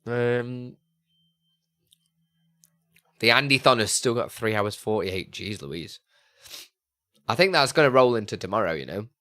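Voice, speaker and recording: Rambling streamer, bright lively voice. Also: male voice, on the low side, unhurried, pauses often. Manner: rambling, thinking aloud, answering chat. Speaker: live streamer. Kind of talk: casual live-stream chat.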